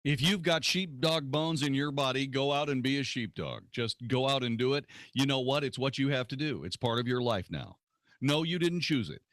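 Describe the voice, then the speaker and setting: A man hosts a talk radio show from the studio, blunt and cutting, with a sarcastic edge. His voice sits at an ordinary middle pitch. The sound is close and dry, with no room around it. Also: moderate pace, a bit bright, no echo. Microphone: studio microphone.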